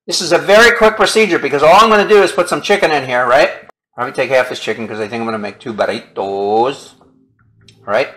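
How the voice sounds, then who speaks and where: A man's voice: mid-range voice, fast talker, pushed and bright, poor audio. A man hosting a casual home cooking demonstration, chatty and upbeat, often checking in with "okay?" and "right?" as he works in his kitchen. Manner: upbeat and enthusiastic about the food. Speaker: chef hosting a cooking show.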